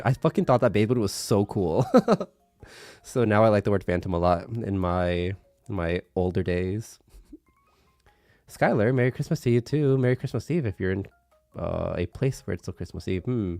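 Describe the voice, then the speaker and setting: A young man chatting casually on a live stream, his voice thick from a congested nose. His pitch swings lively up and down as he laughs often and drops into halting Japanese. The sound is dry and close, with faint music underneath. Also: no echo.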